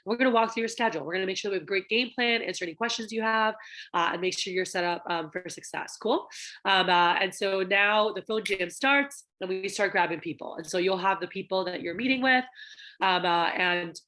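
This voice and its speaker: A woman's voice: medium pitch, brisk, pushed and bright. A young woman training managers in a casual, chatty way, filling her talk with ums and acting out the conversations she describes. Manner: chatty, many fillers, acts out quoted dialogue. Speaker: sales division trainer.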